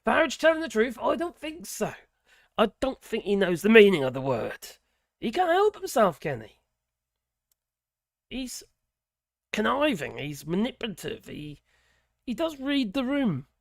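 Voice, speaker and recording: A man's voice: high voice, big pitch swings, measured pace, vocal fry, long pauses, no room sound. Brief: sardonic male livestream host, rambling chat, dry close recording. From England. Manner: sardonic, rambling, with wry laughs. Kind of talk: casual livestream commentary.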